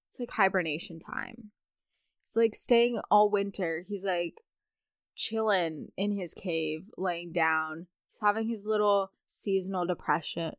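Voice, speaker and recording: A woman's voice: medium pitch, dry recording, clean studio sound. Chatty young woman podcast host. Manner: chatty and rambling, with playful asides. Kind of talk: casual solo podcast chat.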